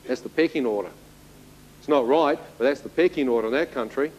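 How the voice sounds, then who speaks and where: A man's voice: medium pitch, a little fast, a little mellow, rough recording. A man in his thirties giving a spoken testimony to an audience, telling his story vividly and turning to the listeners with asides. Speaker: testimony speaker.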